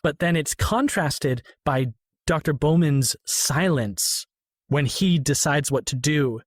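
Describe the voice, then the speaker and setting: Talkative man with a higher voice. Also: slow pace, dry recording, clean studio sound. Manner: animated, quotes film lines in lowered voice. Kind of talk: casual film discussion.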